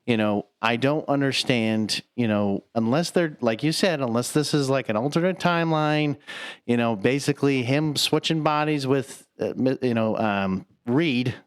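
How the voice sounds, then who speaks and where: A man co-hosting a casual podcast rambles along with plenty of fillers and offhand swearing. His mid-range voice is clear and resonant at a moderate pace, recorded at studio quality with no room sound.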